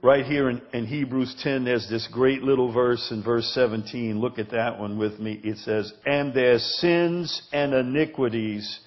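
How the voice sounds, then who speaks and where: Slow-spoken preaching man. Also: medium pitch, fairly even intonation, lo-fi sound. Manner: builds from quiet earnest teaching to loud fervent preaching. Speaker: pastor. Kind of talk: sermon. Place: church sanctuary.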